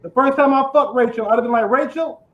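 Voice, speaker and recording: A man's voice: very high voice, steady tone, fast, highs cut off. A man with a lisp hosting an online comedy show, telling profane stand-up jokes and laughing at his own lines. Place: house in Detroit.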